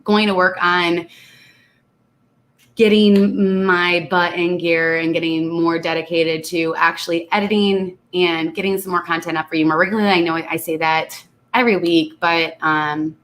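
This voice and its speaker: A woman's voice: fairly low pitch, level tone, normal speed, a bit bright. Chatty woman reading live chat. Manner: chatty, laughs often, reads comments aloud. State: congested. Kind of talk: casual live-stream chat.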